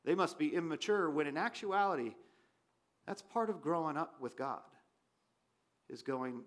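High-voiced animated man preaching a sermon. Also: moderate pace, long pauses. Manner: animated, rising to loud questions, dropping to quiet asides. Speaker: pastor. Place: church sanctuary.

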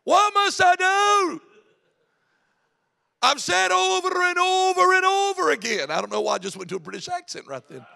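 A male pastor preaching a sermon. He swings between loud, emphatic points and quiet asides, and tells personal stories in a chatty, self-mocking way. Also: extremely high pitch, gravelly.

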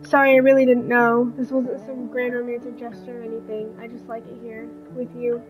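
A woman's voice: fairly high pitch, completely flat delivery, brisk, faint music behind, close to an everyday voice, poor audio. A woman reading as a shy earnest photographer. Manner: reading text messages aloud, earnest.

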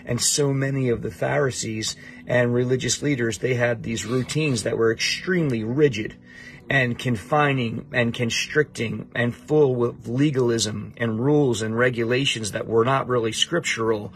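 A man's voice: medium pitch, steady tone, moderate pace, gravelly. A middle-aged man teaching a Bible passage to a student, emphatic and repeating his points.

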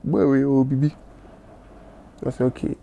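Mellow-voiced Ghanaian man telling stories. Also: mid-range voice, fairly even intonation, normal speed, gravelly, dull audio. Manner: mixes Twi, Pidgin and English, many restarts. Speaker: musician guest. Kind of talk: casual interview storytelling.

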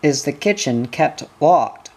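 A curt police sergeant questions a suspect with short, firm lines, as a reader puts him on. The voice sits at an ordinary middle pitch. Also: lively intonation, a little mellow. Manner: brisk, questioning.

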